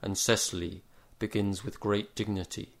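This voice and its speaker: A man's voice: on the low side, steady tone, moderate pace, creaky. A man voicing a stiff, scheming reading-group leader with a clipped, grave manner. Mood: brisk.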